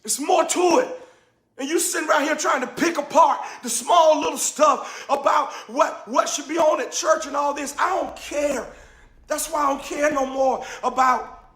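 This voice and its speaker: Pastor guy, real high voice, preachy and loud, booming in a roomy echoey space. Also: steady tone, normal speed. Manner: preacherly, emphatic, builds to shouting. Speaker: pastor and show host. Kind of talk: impassioned spoken testimony.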